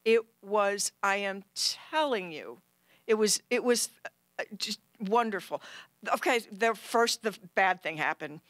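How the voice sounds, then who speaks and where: Animated woman telling a story on stage. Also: medium pitch, unhurried, no echo. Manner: animated, acts out quoted voices. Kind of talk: live personal storytelling. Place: stage at a film center.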